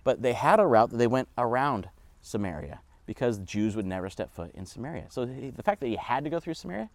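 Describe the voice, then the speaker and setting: A man giving a casual, conversational Bible teaching with animated asides. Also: mid-range voice, quick pace.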